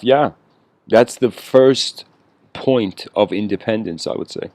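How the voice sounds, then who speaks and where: A man giving a casual, rambling spiritual lecture, clearing his throat often and laughing between thoughts. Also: lowish voice, measured pace, a little mellow, dry recording.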